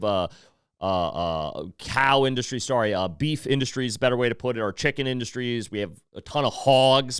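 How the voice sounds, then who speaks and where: A man's voice: mid-range voice, a bit bright, smooth, dry recording, studio quality. A man hosting a casual commentary podcast, rambling and swearing with lots of fillers. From United States. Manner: profane, rambling, with many fillers. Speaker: podcast host.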